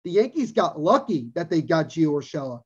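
A man's voice: a little high, big pitch swings, a little fast, darkish tone, slightly rough. A man co-hosting a podcast, ranting emphatically about sports and repeating his points for stress. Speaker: podcast co-host. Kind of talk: casual sports talk, opinionated rant. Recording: dull lo-fi podcast audio.

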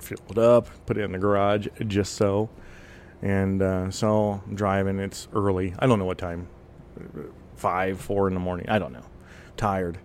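Male podcast guest, 30s, low voice, rambling animated storyteller, faint hiss behind. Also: unhurried. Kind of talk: casual storytelling.

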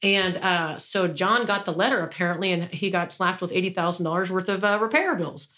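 A woman's voice: lowish voice, fairly quick, a bit bright. A woman, a small business owner, telling a long story in a casual interview, rambling with many restarts and an indignant edge.

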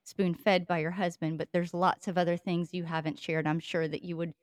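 A woman's voice: lowish voice, level tone, moderate pace, dry recording, studio quality. A woman hosting a podcast interview, speaking in an effusive, affirming way. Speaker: podcast host.

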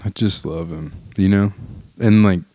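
A man in his thirties, a pastor, chatting casually, warm and chuckling with frequent restarts. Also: deep voice, a little slow, dry recording, clean studio sound. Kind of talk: casual podcast chat.

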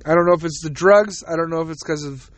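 A man's voice: a little high, quick pace, no echo. A man hosting a podcast, talking casually and rambling, with frequent swearing and self-deprecating asides. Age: adult with a child. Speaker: podcast host. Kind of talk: casual solo podcast monologue.

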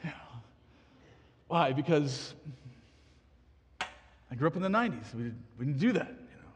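A man's voice: on the high side, animated, unhurried, big-room sound, a little hiss or hum. A man in his thirties preaching a sermon, earnestly asking the congregation questions and often restarting his sentences. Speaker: pastor.

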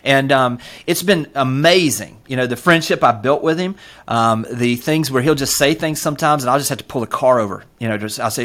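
A man's voice: medium pitch, fairly quick. A man with a Southern US accent, talking earnestly and with feeling as a podcast guest, full of fillers and pep-talk lines. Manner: earnest, animated storyteller with many fillers. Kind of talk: casual interview chat.

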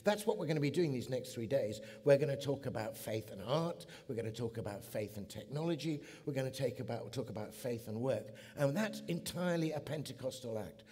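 A middle-aged man from England giving an animated sermon as a guest preacher, building to emphatic peaks. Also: medium pitch, brisk, hardly any pauses, husky. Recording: long hall reverb.

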